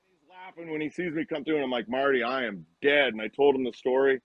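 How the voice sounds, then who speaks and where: A man in his fifties, a retired hockey player, telling lively anecdotes as a guest and acting out the lines people said. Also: medium pitch, fast, lo-fi sound. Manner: animated anecdotes, acts out quoted lines. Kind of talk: casual storytelling on a live show.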